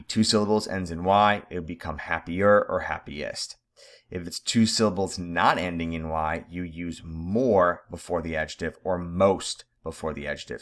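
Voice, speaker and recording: A man with a very low voice teaches a recorded grammar lesson. He talks to his students in a casual, direct way. He laughs off his own typos as he goes. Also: fairly bright tone.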